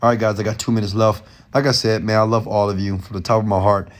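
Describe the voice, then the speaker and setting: Passionate low-voiced man streaming from bed. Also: flat delivery, quick pace. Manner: passionate, raises his voice often; loose, rambling, off the cuff. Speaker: entrepreneur and mentor, stream host. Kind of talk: late-night live Q&A, motivational rant. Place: lying in bed at home at night.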